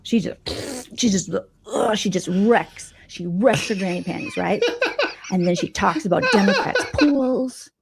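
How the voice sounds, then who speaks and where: A woman hosts a live show, spinning mocking gossip with comic flair. Her pitch swoops widely while sitting in an ordinary middle range, and she jumps into silly voices when quoting people. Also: unhurried, gravelly, a loud crowd. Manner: mocking, animated, puts on voices for quotes. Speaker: livestream host. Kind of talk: gossipy comedic storytelling.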